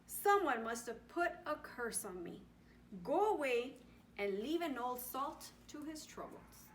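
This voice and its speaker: A gruff old sea-captain frog, an old salt who grumbles and booms by turns, as a woman reads him aloud. His voice sits lower and rougher than the rest, dipping and climbing widely at an unhurried pace. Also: very animated, a little hiss or hum. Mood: gloomy.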